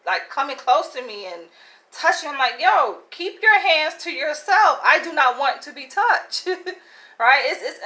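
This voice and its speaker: Chatty bright-voiced woman telling a story. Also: medium pitch, low-quality recording. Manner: chatty and candid, many "like" and "right?" asides, laughs often. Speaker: vlogger. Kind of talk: casual storytelling to camera.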